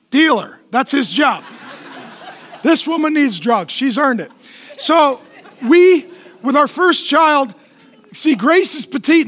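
High-voiced joking male pastor. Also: in a large hall. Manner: animated, joking storyteller who asks the crowd questions. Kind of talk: humorous sermon.

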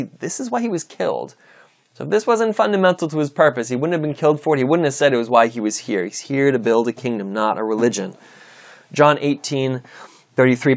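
A male pastor preaching a sermon, reading scripture and commenting as he goes. His voice sits at an ordinary middle pitch but jumps up sharply when he acts out the crowd's shouts. The delivery is animated and emphatic. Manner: reads scripture aloud with commentary.

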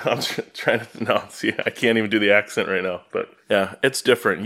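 Casting: low-pitched male co-host from Wisconsin, animated and joking in casual chat. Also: fast talker, few pauses. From Green Bay, Wisconsin, USA. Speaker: podcast co-host.

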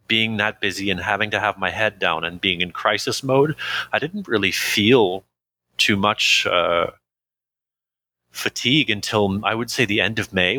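A man talking openly in a conversational interview, pausing often with fillers and breaking into laughs. His voice sits a little low and comes across bright and forceful. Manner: reflective, hesitant with frequent fillers, laughs easily. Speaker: interview guest.

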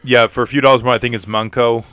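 A man's voice: medium pitch, flat delivery, quick pace, fairly bright tone, clean tone, no room sound. Eager man in dry, close sound. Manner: enthusiastic, stumbling restarts. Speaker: podcast co-host. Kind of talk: casual film discussion.

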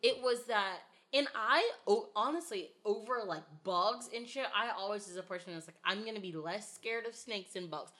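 A woman in casual podcast chat, talking in an animated, emphatic way. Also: mid-range voice, normal speed, hardly any pauses.

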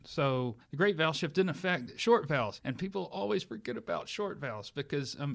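A man's voice: on the high side, lively intonation, brisk, vocal fry, few pauses. Man lecturing eagerly on language history. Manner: enthusiastic lecturing with many restarts. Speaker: guest expert on English language history. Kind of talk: explanatory academic talk.

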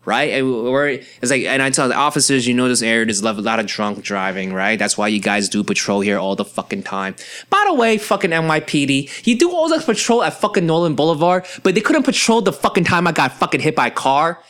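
A man's voice: mid-range voice, expressive, fairly quick, a bit bright. Profane ranting New man. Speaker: podcast host. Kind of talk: casual ranting monologue.

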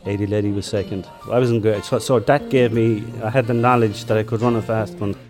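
An older man with a Limerick Irish accent, a former marathon runner telling relaxed stories in an interview with chuckles along the way. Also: lowish voice, fairly quick, faint music behind. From Ireland. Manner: chatty anecdotes with chuckles. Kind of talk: relaxed storytelling.

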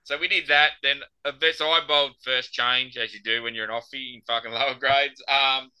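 A man's voice: medium pitch, steady tone, fairly quick, pushed and bright, smooth, rough recording. A young Australian man on a podcast, telling a rambling story full of swearing. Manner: swears freely, rambling anecdotal delivery. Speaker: podcast host. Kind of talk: casual storytelling chat.

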